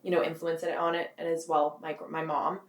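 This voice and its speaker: A young Canadian woman in her twenties rattles on quickly in a slightly low voice, piling up "like" as she goes. Her voice rings with a bit of room echo. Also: flat delivery. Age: 20s. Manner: rambling, heavy use of "like", frequent laughs. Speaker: guest author. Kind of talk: casual interview.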